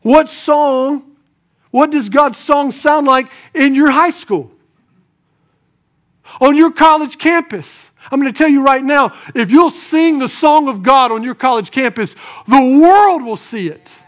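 A man with a strikingly high voice preaches a sermon to his congregation. He swings from quiet, thoughtful asides to raised, emphatic lines, and keeps putting rhetorical questions to the room. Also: measured pace. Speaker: pastor.

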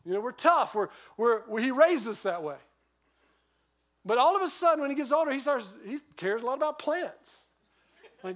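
A middle-aged man preaching a sermon as a pastor, telling stories with a lively voice that rises and drops sharply. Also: extremely high pitch, brisk. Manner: lively storytelling, voice rising and dropping sharply.

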